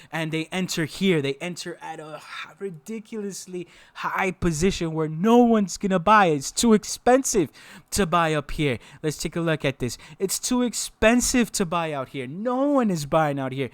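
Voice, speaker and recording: A man's voice: a little high, expressive, normal speed, no echo. Emphatic man teaching trading. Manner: emphatic, repeats phrases for stress. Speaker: trading instructor. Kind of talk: casual teaching over a chart.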